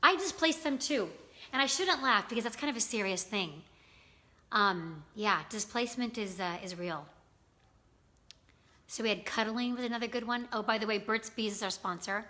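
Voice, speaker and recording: Bright-voiced woman hosting a chatty live stream. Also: on the high side, moderate pace. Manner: chatty, greets viewers by name, many fillers. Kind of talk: casual live-stream chat reading comments.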